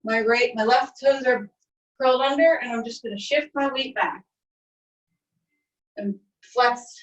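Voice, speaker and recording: A woman's voice: fairly high pitch, muffled recording. Woman leading stretches, distant and echoey. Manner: calm step-by-step cueing. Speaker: stretching instructor. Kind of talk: guided stretching class. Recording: echoey room, distant mic, faint music.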